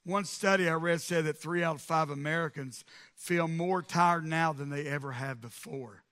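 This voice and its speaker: A middle-aged male pastor preaching a sermon, building to emphatic, shouted repetitions. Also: on the high side, moderate pace.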